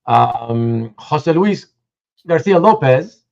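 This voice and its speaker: Lively, chatty man hosting a livestream. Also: medium pitch, extremely slow, creaky, muffled recording. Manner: chatty, reads out viewer comments, many restarts. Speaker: host. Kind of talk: casual livestream chat.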